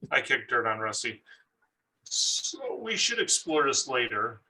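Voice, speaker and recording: A man's voice: mid-range voice, very animated, a little slow, bright, forceful tone, breathy edge, rough recording. A man playing in a tabletop game, blunt and direct in casual talk. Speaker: player.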